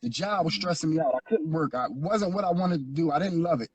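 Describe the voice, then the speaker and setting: A man's voice: a little high, expressive, fast talker, breathy edge, no room sound. A man from Philadelphia telling his life story as an interview guest, earnest and repetitive, building into preaching. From Philadelphia, USA. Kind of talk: emotional personal testimony.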